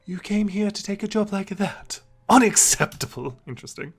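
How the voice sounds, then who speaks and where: A let's player voicing a pompous, aristocratic male pigeon who is student council president, with a deliberately bad fake British accent and a clipped, affected delivery. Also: medium pitch, expressive, slightly rough, soft background music, pitched above the performer's own voice. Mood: scolding. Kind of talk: reading a visual novel aloud.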